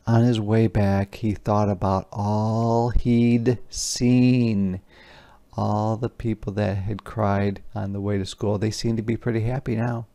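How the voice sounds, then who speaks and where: Guy reading a kids book out loud, stops to explain words, kind of gravelly voice. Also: fairly low pitch, little pitch movement, slow pace. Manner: reads a line, then explains words and pictures simply; puts gentle emphasis on the words he reads aloud. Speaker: teacher. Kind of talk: interactive picture-book read-aloud for young children.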